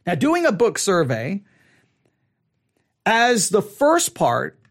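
A man teaching a Bible study method in a casual, animated way, repeating phrases for emphasis and adding playful asides. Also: high-pitched, takes it slowly.

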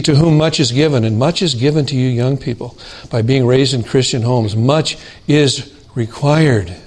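A man preaching a sermon to his congregation, earnest and deliberate, slowing down to stress key words. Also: medium pitch. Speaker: pastor.

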